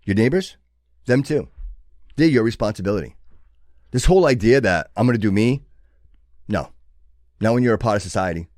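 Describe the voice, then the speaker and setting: A male host in full sermon-like flow, exhorting his listeners with fervent conviction. His pitch swings widely from low to high as he drives each point home, stumbling through restarts along the way. The sound is dry and close, with no room around it. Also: expressive, normal speed, pauses often, darkish tone, dry recording. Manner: preachy, builds to fervent exhortation with many restarts. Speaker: show host. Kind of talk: impassioned motivational monologue.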